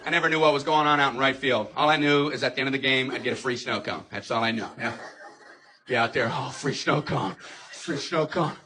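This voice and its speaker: A man's voice: mid-range voice, steady tone, fast, background noise. A male stand-up comedian telling a story from his childhood, doing goofy voices for the people in it. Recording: live club with crowd laughter. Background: audience laughter.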